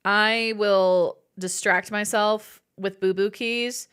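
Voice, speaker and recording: Here the streamer speaks slowly in a steady, medium-pitched voice that is clear, resonant and fairly bright. She's still bubbly with her viewers, reading their messages, giggling often and playfully voicing her thoughts.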